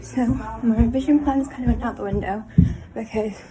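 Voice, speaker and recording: A woman's voice: fairly high pitch, moderate pace, over loud music. A teenage girl chatting casually in a study-with-me vlog from her bedroom, rambling with lots of fillers. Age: teens. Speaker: vlogger. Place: bedroom at home. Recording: noisy home video recording.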